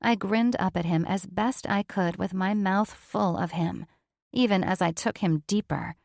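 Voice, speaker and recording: A woman narrating a first-person romance audiobook in a smooth, even storytelling voice on a close mic. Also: medium pitch, unhurried, dry recording.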